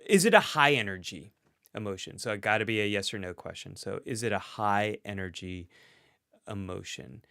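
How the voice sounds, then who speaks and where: A man's voice: fairly low pitch, creaky, sharp tone, smooth, no room sound, studio quality. A man hosting a casual livestream, thinking aloud and reading out chat comments. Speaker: host and psychologist. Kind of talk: casual livestream guessing game.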